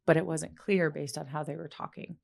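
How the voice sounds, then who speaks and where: A woman's voice: sits low, steady tone, brisk, vocal fry, darkish tone. A woman hosting an interview podcast, talking in a casual, reflective way and laughing easily. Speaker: podcast host.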